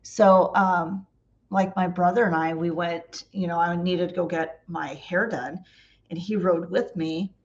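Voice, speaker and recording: A woman's voice: lowish voice, steady tone, a little slow, highs cut off. A woman vlogger telling funny stories in a chatty way, laughing often and acting out the dialogue. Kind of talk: casual storytelling.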